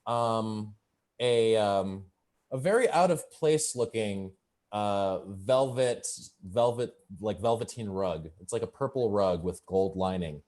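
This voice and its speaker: A man's voice: fairly low pitch, slow, a little mellow. Guy running a tabletop game, easygoing, lots of ums and uhs. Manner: loose, many fillers. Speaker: game master.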